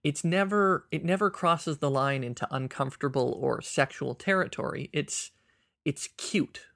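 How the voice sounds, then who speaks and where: A man's voice: on the high side, moderate pace, vocal fry, fairly bright tone, no room sound, clean studio sound. A man co-hosting a casual film podcast, thoughtful and searching for words with frequent restarts. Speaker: podcast co-host.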